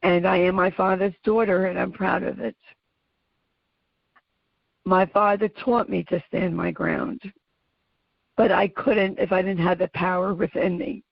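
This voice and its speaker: Woman, podcast host, earnest, emphatic, unhurried, dry close sound. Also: lowish voice, fairly even intonation, vocal fry, dry recording. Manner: earnest, emphatic, slow deliberate phrasing. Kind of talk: motivational monologue. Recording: dull lo-fi audio.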